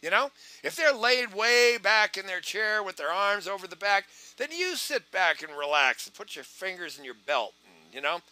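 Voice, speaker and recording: A high, lively man's voice with a very bright, forceful edge, recorded close and dry. He teaches in an animated way, acting out phone calls between himself and prospects. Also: moderate pace, no echo. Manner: animated, acts out both sides of phone calls. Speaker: sales trainer. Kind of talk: online training talk with acted phone calls.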